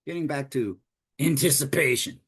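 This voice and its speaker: A man teaching storytelling for tabletop games in a loose, animated, digressive way. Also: medium pitch, moderate pace, husky. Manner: animated, digressive, conversational explaining. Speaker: game master teaching storytelling. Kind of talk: informal lesson.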